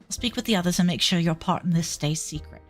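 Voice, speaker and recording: A woman's voice: fairly low pitch, fast, soft background music, natural voice. A woman doing a harried Cockney reformer. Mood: agitated. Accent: Cockney, put on. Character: harried male reformer fleeing powerful enemies.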